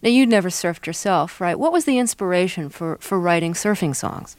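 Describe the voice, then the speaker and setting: A woman hosting a radio interview, asking measured, prompting questions. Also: fairly low pitch, expressive, a little mellow, no echo.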